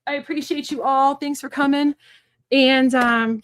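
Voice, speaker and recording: A woman's voice: high voice, steady tone, unhurried, fairly bright tone. A woman in her thirties from Kansas, hosting a casual tarot livestream, chatty and rambling with lots of fillers and asides.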